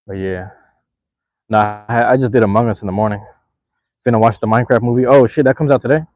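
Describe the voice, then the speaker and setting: A young man hosting a live stream, chatting with viewers in a relaxed, slangy, rambling way. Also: lowish voice, fast talker, highs cut off, slight background noise. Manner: laid-back, slangy, rambling. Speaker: livestream host. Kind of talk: casual live chat with viewers.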